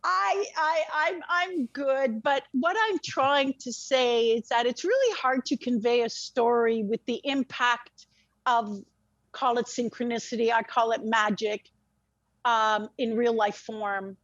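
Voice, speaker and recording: A woman with a high voice tells a deeply personal story as an interview guest. She is animated and swears freely, often breaking off and restarting her sentences. The sound is dull and lo-fi, with a dry, close feel. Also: a little slow, no room sound.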